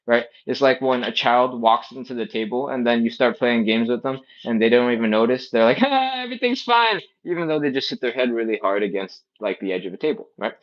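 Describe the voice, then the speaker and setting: A man's voice: mid-range voice, fairly even intonation, a little fast, hardly any pauses, lo-fi sound. A man teaching a live stretching class, explaining casually with plenty of tangents. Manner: rambling explanations with many tangents. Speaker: stretching instructor. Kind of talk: casual live-stream coaching.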